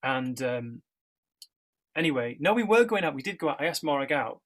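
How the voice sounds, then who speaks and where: A man's voice: fairly high pitch, big pitch swings, normal speed, fairly bright tone. A middle-aged man, sharing his life story casually, rambling with many fillers and restarts. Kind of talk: casual personal testimony.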